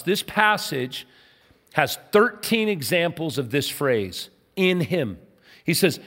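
A man preaching a sermon as pastor, emphatic, asking rhetorical questions and letting his voice drop soft at the ends of phrases. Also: high voice, very animated, a little slow. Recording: long hall reverb.

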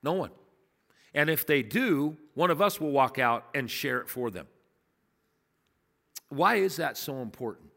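Male pastor, somewhat high and bright, animated sermon style, long church reverb. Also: measured pace, gravelly, pauses often. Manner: animated, emphatic, conversational preaching with storytelling. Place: church sanctuary.

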